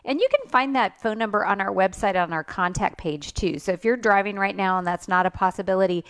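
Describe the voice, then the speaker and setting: A woman co-hosts a talk radio show at a middling pitch. She prompts guests and reads out contact details in a steady, measured way. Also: clean tone.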